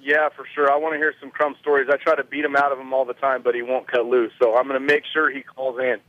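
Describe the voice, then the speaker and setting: A man's voice: medium pitch, flat delivery, fast, no echo. A man from California calling in to a radio show, telling a story with frequent laughs. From California, USA. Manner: chatty storyteller, laughs often. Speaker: caller. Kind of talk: casual call-in chat. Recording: tinny phone line.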